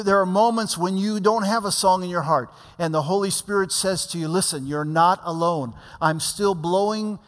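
A man's voice: high voice, a bit bright. A man preaching a sermon, telling stories and acting out the people in them, his voice rising and dropping for emphasis. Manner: storytelling preacher, voice swells and drops for emphasis. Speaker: pastor. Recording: long hall reverb.

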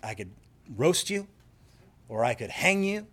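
A man's voice: on the high side, big pitch swings, unhurried, fairly bright tone, husky, heavily acted. A man voicing a scheming, cruel male folk-tale fox in a sermon story, musing over his options.

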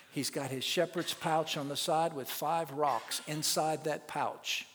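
A pastor preaching a sermon, telling a story and rousing the congregation to repeat after him. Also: male voice, medium pitch. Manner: storytelling, building to call-and-response shouts. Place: church sanctuary. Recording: long church reverb.

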